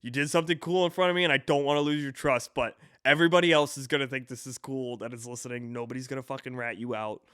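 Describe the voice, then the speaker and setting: A man's voice: mid-range voice, fairly even intonation, fast talker, few pauses, a bit bright, clean tone, no room sound, clean studio sound. A man in his twenties hosting a podcast, telling a long rambling story with lots of swearing and restarts. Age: 20s. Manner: rambling, profane, self-correcting storyteller. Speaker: podcast host. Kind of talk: casual storytelling monologue.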